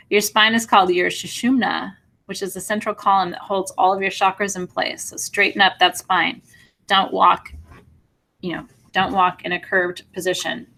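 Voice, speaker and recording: A woman hosts a spiritual live stream in a mid-pitched voice, speaking tenderly and reassuringly to her viewers. She calls them out by name and talks with open, heartfelt emotion. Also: fairly even intonation, normal speed, gravelly, bright, forceful tone. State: teary at moments. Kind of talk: live-stream chat reading viewer comments.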